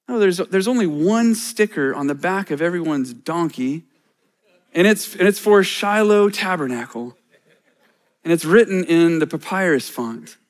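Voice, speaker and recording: A middle-aged man, a church elder, preaching a sermon in a conversational way with self-deprecating humor. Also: high voice.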